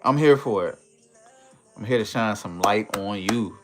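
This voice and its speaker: A man hosting a casual livestream in a relaxed, easygoing way, reading viewer comments aloud and greeting them. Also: on the low side, unhurried, soft background music. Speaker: livestream host.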